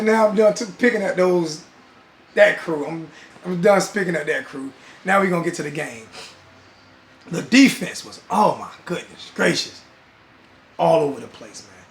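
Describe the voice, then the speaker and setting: A middle-aged man who talks as a fan commentator in a casual vlog rant. He is animated and teasing, laughs often, and ends many phrases with "man.". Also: high voice. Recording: echoey room, faint background noise.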